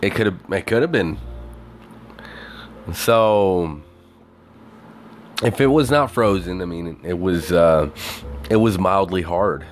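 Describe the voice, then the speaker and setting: Low-voiced man ranting with constant swearing. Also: slow pace, long pauses, a little hiss or hum. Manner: animated, heavy swearing, many fillers. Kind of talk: casual storytelling rant.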